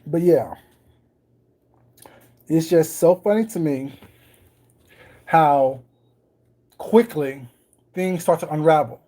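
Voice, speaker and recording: Baking in a home kitchen, this livestream host talks casually with viewers, calls them by name, and speaks with wry irony. The voice is medium in pitch and dark in tone, and it moves slowly with long pauses.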